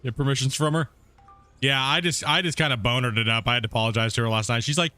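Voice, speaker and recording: Streaming a game from his home, a man chats loosely with his viewers and housemates and laughs a lot. His mid-range voice is fast, bright and forceful, captured in a dry recording.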